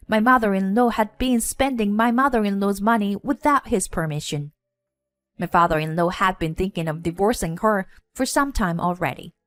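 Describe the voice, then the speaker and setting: A woman reading a scripted first-person story in a steady storytelling voice. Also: mid-range voice, dry recording. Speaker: narrator.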